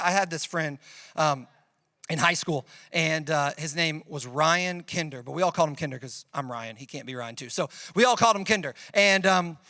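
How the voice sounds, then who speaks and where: A youth pastor preaches to students in a relaxed, conversational style, leaning on storytelling examples to make his points. His voice is high, bright and forceful, recorded close and dry with no room sound.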